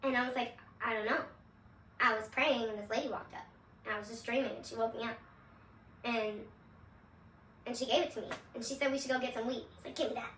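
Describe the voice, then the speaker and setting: A young woman from Seattle recounts her life story in a candid, loose way, swearing freely and laughing often. Her voice is high and bright. It rings in an echoey room, a little back from the microphone. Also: steady tone, a little fast, long pauses, far from the mic, slight background noise. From Seattle, USA. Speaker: vlogger. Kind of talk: personal testimony storytelling. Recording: echoey room, voice away from the mic.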